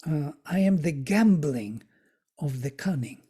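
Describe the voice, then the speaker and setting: A study group teacher reading verses aloud and explaining them word by word, with soft, thoughtful asides and small self-corrections. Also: medium pitch, expressive, a little slow, breathy edge. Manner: recites verses, then glosses them word by word. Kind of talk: slow explanatory reading and commentary on scripture.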